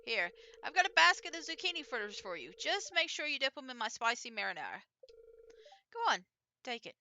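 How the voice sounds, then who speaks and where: A woman voicing a kind, motherly townswoman in a gentle, caring tone, reading game dialogue aloud. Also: high-pitched, big pitch swings, a little fast, a little hiss or hum, heavily acted.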